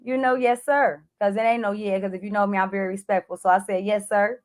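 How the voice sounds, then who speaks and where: Expressive woman vlogger telling her story. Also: medium pitch, rapid-fire. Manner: animated, addresses viewers as y'all, acts out her own panicked shouts. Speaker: clarity coach. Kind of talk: emotional personal storytelling to camera.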